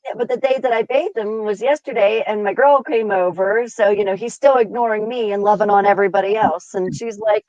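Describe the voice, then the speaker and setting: A woman telling casual, exasperated stories on a live show, often trailing off quietly. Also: mid-range voice, steady tone, fairly quick, few pauses, no room sound, lo-fi sound. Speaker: co-host. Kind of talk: casual comedic storytelling.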